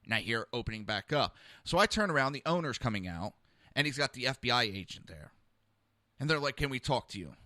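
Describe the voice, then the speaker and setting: A man's voice: medium pitch, lively intonation, fairly quick, sharp tone, dry recording, studio quality. A man hosting a podcast, telling a personal story in a heated, rambling, blunt way. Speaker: podcast host.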